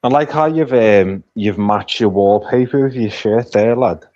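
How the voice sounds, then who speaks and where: A man's voice: fairly low pitch, measured pace, darkish tone. A man joining a casual podcast as a guest, bantering bluntly and swearing freely. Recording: dull dry lo-fi call audio.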